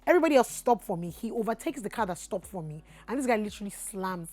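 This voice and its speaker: A woman with a Nigerian accent telling a storytime vlog, swinging from low asides to loud outbursts. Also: lively intonation, fast talker. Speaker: vlogger.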